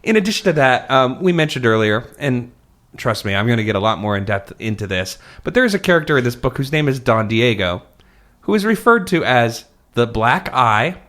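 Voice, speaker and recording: A man's voice: mid-range voice, sing-song, a little fast, fairly bright tone. A man co-hosting a podcast in casual comedic chat, laid-back and joking, with frequent ums and laughs. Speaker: podcast co-host.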